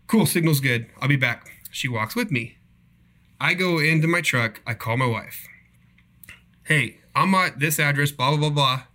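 A man's voice: a little high, normal speed, sharp tone. Profane, rambling storyteller man. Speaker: podcast co-host telling work stories. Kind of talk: casual storytelling chat.

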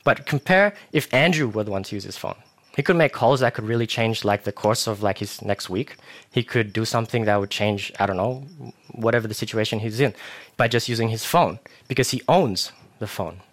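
A young man giving a sermon in a church, casual and animated, acting out quotes as he tells the story. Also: lowish voice, brisk. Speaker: preacher.

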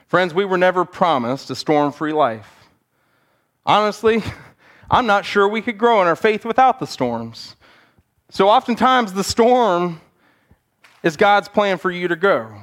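Pastor, male, higher register, earnest sermon delivery, animated storyteller. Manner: earnest, acts out quotes animatedly. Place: church sanctuary.

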